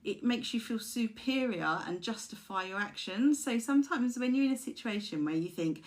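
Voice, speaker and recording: A woman life coach talking casually, chatty and animated, acting out examples in little voices. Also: a little high, normal speed.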